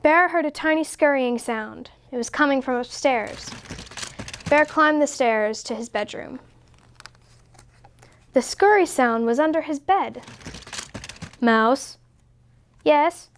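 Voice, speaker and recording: High-voiced woman reading slowly. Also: slight background noise. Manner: slow, expressive reading. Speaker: story reader. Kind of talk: storybook read-aloud.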